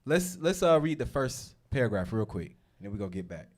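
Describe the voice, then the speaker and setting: A man's voice: fairly low pitch, sing-song, brisk. A man hosting a casual discussion, explaining things informally and emphatically. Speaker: show host.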